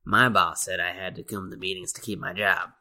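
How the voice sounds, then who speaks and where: A man's voice: low voice, little pitch movement, a little fast, bright, forceful tone. A man in his thirties playing a support group member in a comedy sketch, giggling at his own jokes. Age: 30s.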